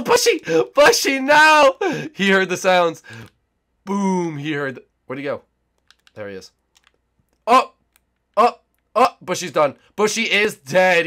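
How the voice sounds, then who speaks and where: A young man giving excited, teasing play-by-play commentary on a multiplayer game round, talking to players and viewers. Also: on the high side. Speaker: gaming YouTuber.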